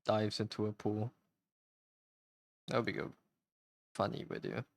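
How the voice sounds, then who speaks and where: Male streamer, low gravelly voice, dry close mic, rambling goofy chat while drawing. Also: level tone, a little slow, no echo. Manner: rambling, self-chatting, goofy asides. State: hiccuping.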